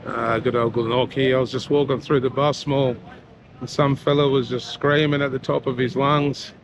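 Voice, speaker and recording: Here the Australian vlogger-rapper sounds mid-range in pitch and moves at a moderate pace. Walking outdoors through a town street and mall, he keeps it relaxed and heartfelt, stuffing his talk with "you know," over noisy street sound.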